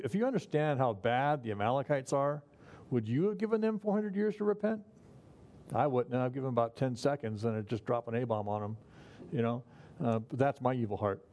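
A man's voice: mid-range voice, warm tone. A man preaching a conversational sermon, folksy in manner and chuckling at his own remarks. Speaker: pastor.

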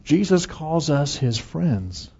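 A man's voice: a little high, big pitch swings, slow pace, darkish tone, husky, muffled recording. A man preaching an earnest, conversational sermon as pastor, chuckling now and then.

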